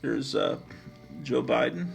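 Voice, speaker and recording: Faint music plays behind a man whose mid-range voice has lively intonation and vocal fry, and he takes his time speaking. As a comic book collector and channel host, he digresses freely while casually presenting his collection, using lots of fillers.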